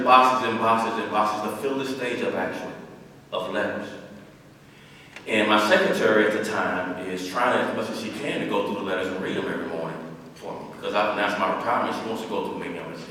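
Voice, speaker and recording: A man's voice: lowish voice, sharp tone. A man in his fifties giving an earnest storytelling speech as a former police chief, repeating phrases for emphasis. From Dallas, Texas. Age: 50s. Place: large hall, speaking to an audience. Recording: echoey hall from far off.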